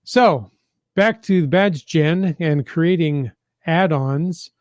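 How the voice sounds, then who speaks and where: A man co-hosting a casual podcast, relaxed and easygoing, often trailing off. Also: fairly high pitch, takes it slowly, dry recording, clean studio sound. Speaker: podcast co-host.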